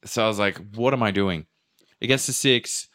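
A man's voice: on the low side, normal speed, a bit bright. A man casually recounting a chaotic trip, acting out quotes and swearing freely. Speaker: podcast host telling a travel story. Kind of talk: casual storytelling chat.

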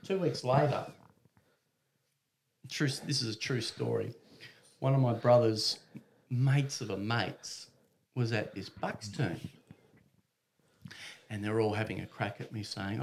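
A man's voice: mid-range voice, measured pace, long pauses, slight background noise. A man telling a casual anecdote, acting out voices and chuckling mid-sentence. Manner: animated, acts out voices, laughs mid-sentence. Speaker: storyteller.

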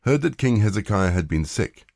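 A man giving a scripted Bible reading with measured, even narration. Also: lowish voice, gravelly, dry recording, clean studio sound. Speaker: scripture reader.

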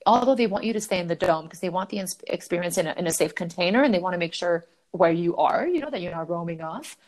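A woman guest on a podcast telling a personal story in casual chat. She talks in an animated way, laughs often, swears casually and acts out her own thoughts in quotes. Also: on the low side, quick pace.

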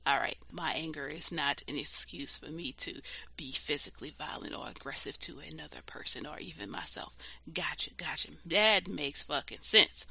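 A solo podcast host with a bright, forward voice talks straight at the listener. The delivery is loose and casual, with swearing throughout and plenty of filler words. The host pushes hard and gets heated when stressing a point. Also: medium pitch, moderate pace. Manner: blunt and profane, heated and emphatic; loose conversational filler talk.

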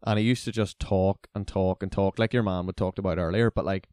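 A man's voice: deep voice, fairly quick, smooth, no echo, clean studio sound. A man in his twenties, a university student telling stories in casual chat and leaning heavily on "like" and "basically". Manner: animated storyteller, leans on "like" and "basically".

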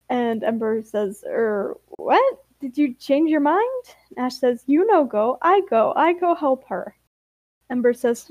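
A woman's voice: sits high, darkish tone, no room sound. A young woman co-hosting a podcast. She reads her old fan story aloud with commentary, giggles often, and jumps her voice up for the quoted characters. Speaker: podcast co-host.

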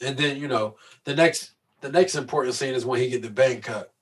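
A man in casual profane chat about a movie, cutting in with quick reactions. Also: medium pitch, breathy edge. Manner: laughing, interjecting, profane. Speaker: movie discussion co-host.

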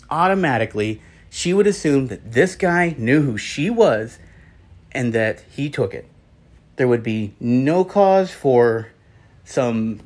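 A man hosting a podcast, talking through a news story in a rambling, opinionated way and acting out what people said. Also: mid-range voice. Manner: rambling, opinionated, acts out quotes. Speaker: podcast host. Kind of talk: casual commentary monologue.

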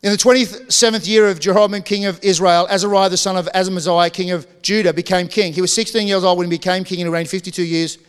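A man delivering a sermon in a church, with a fairly high voice. He keeps things conversational, cracks asides to the congregation and restarts his sentences often. The sound carries a long reverb from the church hall. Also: fairly even intonation, fast, hardly any pauses, clear, resonant tone. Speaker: pastor.

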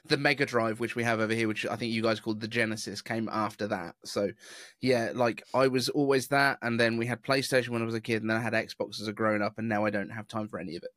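A man's voice: lowish voice, steady tone, fast talker, fairly bright tone, no echo, studio quality. A man from southeast England with a neutral southern British accent, hosting a podcast in a chatty, rambling, self-deprecating way. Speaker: podcast host. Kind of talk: casual chat.

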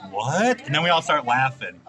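A man's voice: mid-range voice, expressive, fairly quick. A man in his thirties, a podcast host telling a long story in casual chat, rambling and profane with lots of fillers. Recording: crowd chatter behind.

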